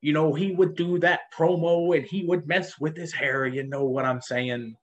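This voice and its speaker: A man's voice: fairly high pitch, fairly even intonation, moderate pace. Man, casual co-host, enthusiastic, rambling, muffled lo-fi audio. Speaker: podcast co-host. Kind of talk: casual wrestling chat. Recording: dull lo-fi sound.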